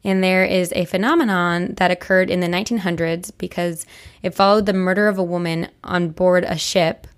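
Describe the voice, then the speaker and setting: Young female podcast co-host, lower voice, casual rambling storyteller. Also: fairly even intonation, moderate pace, smooth. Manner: chatty, many likes and restarts.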